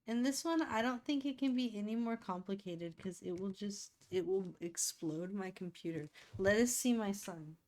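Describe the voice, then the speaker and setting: A woman's voice: mid-range voice, moderate pace, few pauses, a little mellow. A woman streaming live, chatting casually and rambling playfully to herself as she works. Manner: rambling, playful, self-talking while working.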